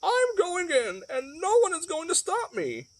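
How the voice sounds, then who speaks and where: A man's voice: very high-pitched, huge pitch swings, a little slow, pitched above the performer's own voice, full character voice. A man doing a squawky, determined little hen. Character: bored, bossy little hen determined to find fun.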